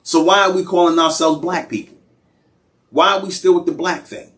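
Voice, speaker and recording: A man's voice: fairly high pitch, steady tone, moderate pace, fairly bright tone. A man hosting his own show, delivering an emphatic, lecturing monologue to camera and repeating his points. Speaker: radio show host.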